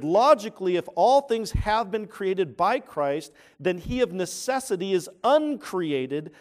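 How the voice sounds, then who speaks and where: A pastor delivers a sermon to his church congregation, his voice pitched a little higher than most men's. He punches key words and grows louder as he drives each point home, frequently restarting phrases mid-thought.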